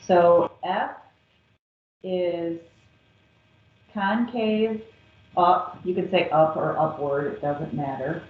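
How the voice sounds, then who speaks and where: A woman math teacher working through a calculus problem step by step, patient and methodical. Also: on the low side. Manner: slow, patient, step-by-step explaining. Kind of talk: recorded calculus lesson. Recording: echoey, dull lo-fi classroom recording.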